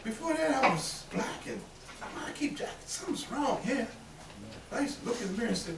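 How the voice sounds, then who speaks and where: A man preaching a sermon in call-and-response style, emphatic and lively. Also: very high-pitched, moderate pace. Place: temple meeting hall. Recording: roomy, distant audience recording with faint noise.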